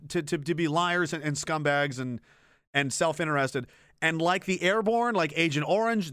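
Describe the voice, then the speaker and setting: Recorded with clean studio sound and no echo, a young adult man with a slightly high, bright voice streams an unscripted rant about being a military veteran. He is blunt and swears a lot, frequently cutting off mid-sentence to start again.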